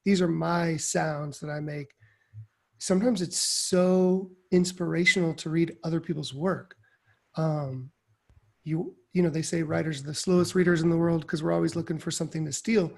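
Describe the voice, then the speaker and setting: A man with a fairly high, gravelly voice, speaking as a panelist at a writers' talk. He muses earnestly and a little haltingly, full of "you know" and "like". It sounds like a video call. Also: fairly even intonation. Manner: reflective, earnest, with fillers. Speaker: creative writing faculty panelist. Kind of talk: casual panel discussion.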